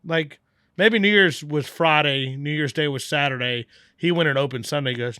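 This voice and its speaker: Speaking at normal speed in a slightly high, clean-toned voice, a man guests on a podcast as a brewery owner and spins a lengthy, casual tale. He's animated, performs the dialogue of those he quotes, and swears offhandedly; the studio-quality recording is dry.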